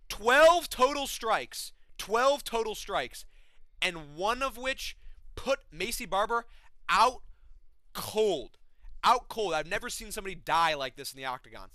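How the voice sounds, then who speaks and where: A man hosting a casual fight recap, ranting in an agitated, profane, animated way from a room at home with friends. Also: high-pitched, a little slow, no room sound.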